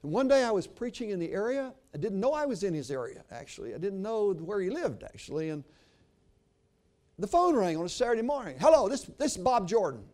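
An older man preaching a sermon, telling a story and then praying, earnest and swinging from hushed to emphatic. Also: sits high, very animated, brisk.

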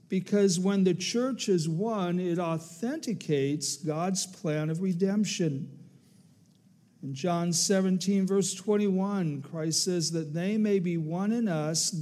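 A pastor delivers a sermon in a high, mellow voice. He is measured and emphatic, quoting scripture in slow, stressed phrases.

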